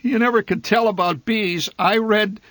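A man's voice: steady tone, moderate pace, fairly bright tone, no room sound. A man voicing a panicky middle-aged mother who shrieks in fear. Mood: weak. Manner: shrill, frantic shrieking.

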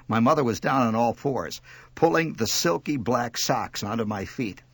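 A man reading a humorous story with wry, expressive narration. His pitch swings widely and his voice has a husky grain. The sound is dry and close to the mic. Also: normal speed, dry recording. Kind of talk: scripted narration.

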